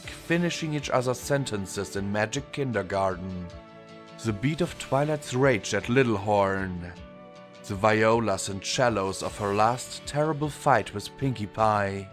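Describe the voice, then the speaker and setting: A man narrating a fan fiction audiobook in a measured storytelling manner. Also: on the low side, fairly bright tone. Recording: long reverb with faint music.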